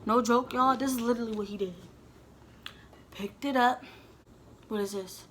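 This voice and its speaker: Bright-voiced young woman telling a storytime. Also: on the high side, steady tone, normal speed, slight background noise. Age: young adult. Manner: candid, heated, talks straight to viewers. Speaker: vlogger. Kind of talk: storytime vlog.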